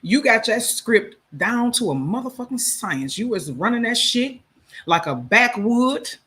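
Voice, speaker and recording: Bright, profane, confrontational ranting host. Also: medium pitch, sing-song, a little slow. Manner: scolding, lecturing tone. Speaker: channel host. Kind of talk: heated livestream rant.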